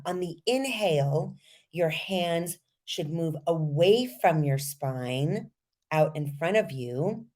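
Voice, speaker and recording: A woman voice coach leading a podcast lesson, energetic and guiding listeners step by step through breathing exercises. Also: low voice.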